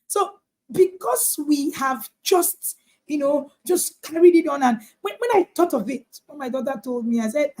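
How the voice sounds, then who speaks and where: A woman's voice: high-pitched, animated, normal speed, a little mellow. A woman parenting coach giving a motivational talk to parents, emphatic, repeating her points and asking rhetorical questions.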